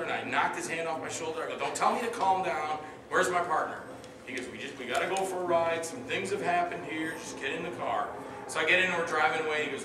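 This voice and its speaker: Excitable man telling stories in a roomy hall. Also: medium pitch. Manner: excitable, acts out dialogue with loud outbursts. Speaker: actor answering audience questions. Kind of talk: animated convention Q&A storytelling. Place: convention hall panel. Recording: roomy hall, distant mic, noisy.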